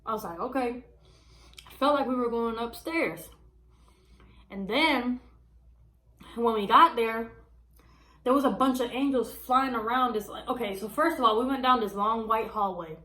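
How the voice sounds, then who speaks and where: A woman's voice: a little high, moderate pace, long pauses, sharp tone, reverberant, poor audio. A woman telling a personal story to her viewers in a casual, chatty way, calling them y'all and using many fillers. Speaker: vlogger. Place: small room at home.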